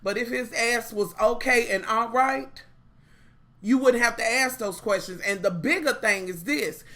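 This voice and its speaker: A woman's voice: fairly high pitch, a little slow. A woman reviewing a TV show in a casual chat, blunt and profane, talking straight to her viewers. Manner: animated, opinionated.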